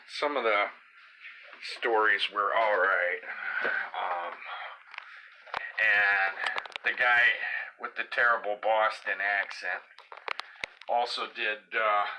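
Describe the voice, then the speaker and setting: A man's voice: fairly low pitch, background noise. A middle-aged man chatting casually on a home livestream, reading viewer comments aloud in a rambling way with many fillers and an occasional cough. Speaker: livestream host.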